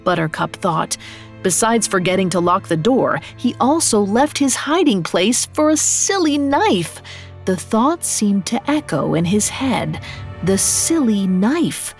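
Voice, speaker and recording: Expressive woman reading a fairy tale. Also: mid-range voice, unhurried, soft background music. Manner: expressive, with rises on dramatic beats. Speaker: storyteller. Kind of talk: scripted story narration.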